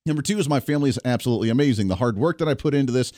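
Racing along in an animated, warm, mid-range voice, this man's delivery is recorded dry. He's a Kansan in his thirties running a radio talk show, talking right to his audience, upbeat, chatty and opinionated. The energetic monologue comes through a studio microphone with faint music in the dry studio.

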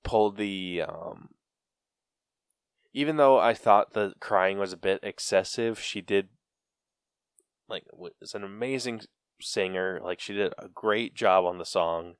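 A man's voice: lowish voice, animated, a little slow, gravelly, long pauses, clean tone, dry recording, studio quality. A man co-hosting a podcast in casual chat, rambling with lots of fillers and laughs. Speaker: podcast co-host.

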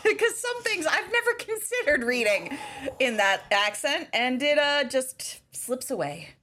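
A woman's voice: high-pitched, very animated, unhurried, pushed and bright. A woman co-hosting a comedic podcast, dropping dry quips between laughs. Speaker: podcast co-host. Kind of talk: comedic live podcast chat.

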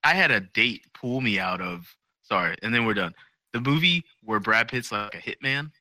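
A man's voice: lowish voice, lively intonation, normal speed, sharp tone, dry recording. A man co-hosting a podcast in casual chat, rambling and joking as he tells stories. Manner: rambling, jokey storyteller. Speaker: podcast co-host.

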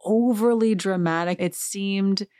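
Recorded at studio quality with no echo, a woman speaks in a mellow, mid-range voice without hurrying. As a podcast host, she recaps a reality show casually, chatting, giggling, and making playful asides.

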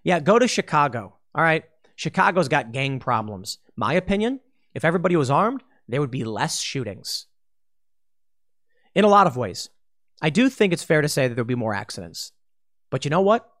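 Guy ranting his opinions, kinda high voice, blunt, slangy, punchy. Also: big pitch swings, moderate pace, fairly bright tone. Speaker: political commentator. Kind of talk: opinion monologue.

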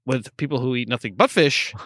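A man's voice: mid-range voice, lively intonation, fairly quick, a bit bright, dry recording, clean studio sound. A man in his forties from upstate New York, co-hosting a casual chat and rambling with trailing asides. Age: 40s. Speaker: podcast co-host. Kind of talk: casual chat tasting beer.

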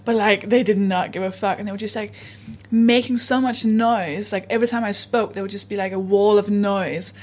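A woman's voice: medium pitch, fairly even intonation, moderate pace. A British woman comedian, a rambling storyteller who laughs often in casual podcast chat. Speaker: comedian guest.

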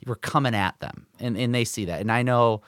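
A man's voice: medium pitch, fairly quick, fairly bright tone, no room sound, clean studio sound. A man in his forties co-hosting a podcast, telling stories in a rambling, filler-heavy casual chat. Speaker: podcast co-host.

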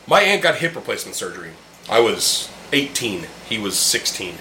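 His voice is on the low side but swings widely in pitch, bright and pushed at a normal speed. As host of a casual podcast, he drinks beers with friends in a room and speaks bluntly and heatedly, swearing a lot, over a roomy echo and a faint background hum.

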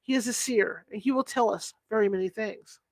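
Woman reading as an urgent, excited scholar. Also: medium pitch, fairly quick, no echo, close to an everyday voice. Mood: insistent. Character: excited, insistent male scholar. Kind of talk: audiobook reading.

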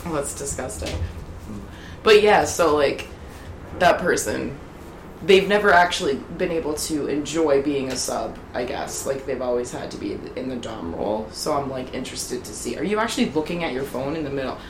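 Woman, podcast co-host, candid chat, profane, giggly, echoey living room, loud street noise. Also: deep voice, normal speed. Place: living room in a city apartment.

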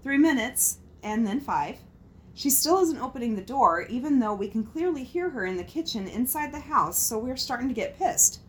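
Reading listener stories on her casual talk show, a woman with a slightly high voice keeps a moderate pace. She reacts with frank swearing and lots of expression, often laughing at her own jokes.

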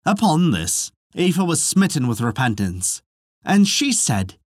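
A podcast storyteller reading an old legend in a measured, expressive voice. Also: mid-range voice, no room sound, studio quality. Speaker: storyteller narrating folklore. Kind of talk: audiobook-style narration.

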